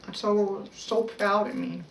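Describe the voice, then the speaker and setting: A woman talks through a personal self-help vlog at a slow, deliberate pace, pausing and restarting as she goes. Her voice sits a little away from the microphone, with a roomy echo and faint background noise. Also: medium pitch, fairly even intonation, distant mic. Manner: slow, halting, heartfelt delivery with pauses and restarts. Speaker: vlogger. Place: outdoors.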